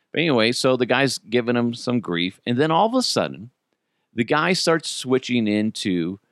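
A man hosting a podcast in casual chat, animated and profane, jumping into other people's voices. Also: on the low side, no room sound, clean studio sound. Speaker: podcast host.

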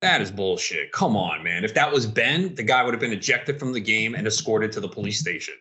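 A man co-hosting a casual podcast while watching a football game, excitable and profane, ranting at the referees. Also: lowish voice, fast talker. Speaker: podcast co-host.

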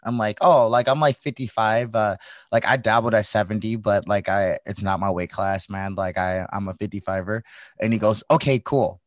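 A man's voice: fairly low pitch, steady tone, moderate pace, no room sound. A young man from the Midwest, a former fighter hosting a casual chat, rambling through stories with swearing and laughter. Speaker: podcast host, former fighter.

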